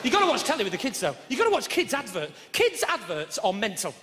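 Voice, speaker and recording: A middle-aged man doing a brash, sweary live stand-up routine, shouting his punchlines. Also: very high voice, wildly swooping pitch, fast, a loud crowd. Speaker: stand-up comedian. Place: large theatre with audience. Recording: reverberant live hall with audience noise.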